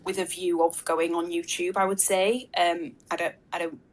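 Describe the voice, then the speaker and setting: A woman's voice: lowish voice, little pitch movement, normal speed. A woman, a marketing expert guest on a webinar, answering casually and thinking aloud with lots of fillers and restarts. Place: video call webinar.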